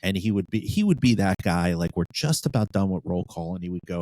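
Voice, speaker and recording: Blunt, profane deep-voiced man. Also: lively intonation, a little fast, hardly any pauses, a little mellow, no echo. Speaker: podcast co-host, former police sergeant. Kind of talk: casual podcast chat.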